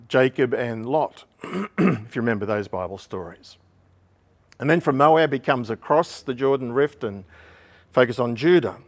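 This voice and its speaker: A man preaching a sermon from the pulpit. He explains the text in a steady, teaching way, with a mid-range voice, and now and then he pauses with an um or clears his throat. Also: medium pitch.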